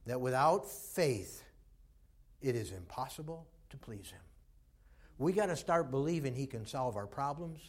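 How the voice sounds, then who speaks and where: A male preacher with a fairly high voice. He preaches in a folksy, storytelling way, full of asides and fillers. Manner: folksy storytelling with frequent "boy" and "uh". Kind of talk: sermon.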